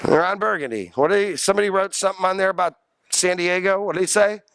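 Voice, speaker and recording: A man's voice: high-pitched, fast talker, a little hiss or hum. A man lecturing a college class, joking and quizzing his students. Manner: animated, jokey, asks the class questions.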